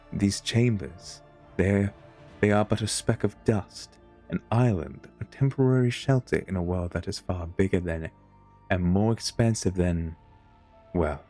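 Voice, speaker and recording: A man's voice: low-pitched, a little mellow. A man voicing an aloof, haunted female alien seer from a video game, speaking formally. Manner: formal, measured speech. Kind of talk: reading game dialogue aloud.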